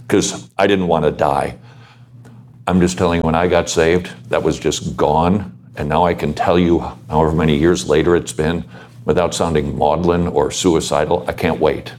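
A man's voice: extremely low pitch, steady tone, moderate pace, darkish tone, a little hiss or hum. A man giving earnest pastoral advice to students, asking his listeners questions and telling his own story. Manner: earnest, exhorting, asks the audience questions. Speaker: panel speaker.

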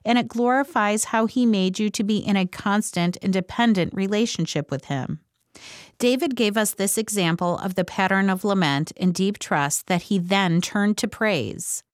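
Female host doing scripted devotional narration: calm, measured, close and dry. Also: mid-range voice, no room sound.

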